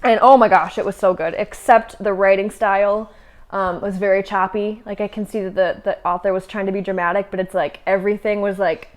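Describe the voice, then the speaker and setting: A woman's voice: mid-range voice, steady tone, normal speed. A young woman casually chatting about books she has read, with many fillers and restarts. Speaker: book vlogger. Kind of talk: casual chat.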